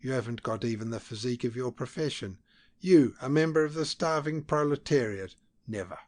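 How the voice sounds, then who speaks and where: Sneering, condescending young diplomat for a storybook reading, sharp and raised in pitch, as a male narrator puts him on. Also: moderate pace, lightly acted. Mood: mocking.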